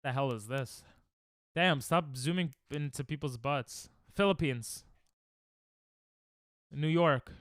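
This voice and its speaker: A young man streaming a game, chatting casually and reacting excitably to chat on a headset mic. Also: fairly high pitch, slow pace, long pauses, dry recording, studio quality. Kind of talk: casual live-stream chatter while gaming.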